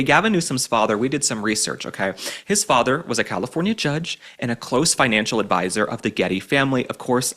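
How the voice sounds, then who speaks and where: A man's voice: mid-range voice, a bit bright. A man hosting a political commentary show, talking in a sarcastic, combative and mocking way.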